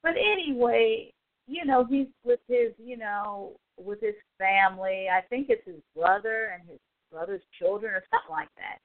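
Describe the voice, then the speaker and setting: A woman hosting a casual talk show, telling a story in an animated way and acting out the quotes, sounding exasperated. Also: mid-range voice, moderate pace, no echo. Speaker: show host. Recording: phone-like dry audio.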